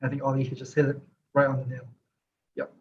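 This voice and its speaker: A man panelist speaking in a measured, soft-spoken way with fillers on a video call. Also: medium pitch, monotone, lo-fi sound, slight background noise. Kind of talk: casual panel discussion.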